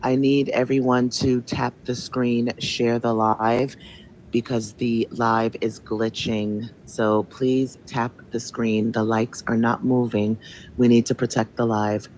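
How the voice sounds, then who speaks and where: A man's voice: mid-range voice, level tone, slow pace, a little mellow, poor audio. A man hosting a live call-in stream, firmly keeping order and giving instructions. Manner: firm, orderly, gives instructions. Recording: faint background noise.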